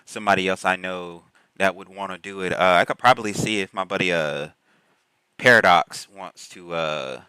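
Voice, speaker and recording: A man's voice: low-pitched, moderate pace, bright, forceful tone, clean tone, dry recording. A man hosting his live stream, chatting in an easygoing way with short replies and frequent laughter. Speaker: streamer host. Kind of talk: casual chat. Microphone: voice call.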